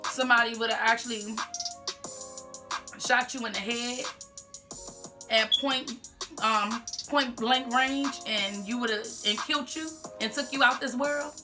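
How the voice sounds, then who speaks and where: A woman's voice: a little high, fairly even intonation, measured pace, long pauses. Candid, cursing woman vlogger over music. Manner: candid, profane ranting. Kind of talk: casual mukbang commentary.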